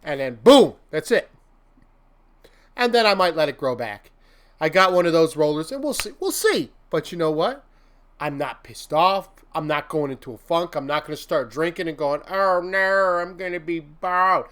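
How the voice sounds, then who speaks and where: A man's voice: fairly high pitch, lively intonation, normal speed, a bit bright. A man hosting a casual motivational livestream, rambling and laughing often, breaking into silly mock-venting with made-up curses. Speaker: host.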